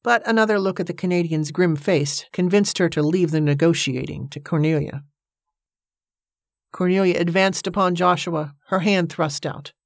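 A woman with a low, grounded voice reading a novel aloud at a measured pace. The recording is close and dry, with no room sound around her. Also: creaky, no room sound. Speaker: audiobook narrator. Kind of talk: scripted narration.

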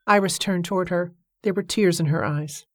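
A woman narrating an audiobook novel in a measured, even storytelling manner. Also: lowish voice, no echo, clean studio sound. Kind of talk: scripted narration.

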